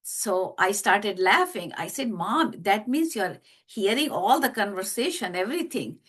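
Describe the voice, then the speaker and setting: Woman telling a story haltingly. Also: medium pitch, expressive, fairly bright tone, husky. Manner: halting, with many fillers and restarts. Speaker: interview guest. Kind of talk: personal storytelling.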